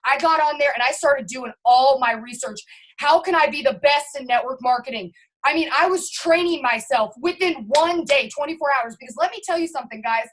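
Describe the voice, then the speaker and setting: A woman with a bright, high-pitched voice delivers an all-in motivational pep talk to her team. She is hyped and emphatic and keeps turning to address her listeners directly. The sound comes through a video call. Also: fairly quick, rough recording. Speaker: network marketing team leader.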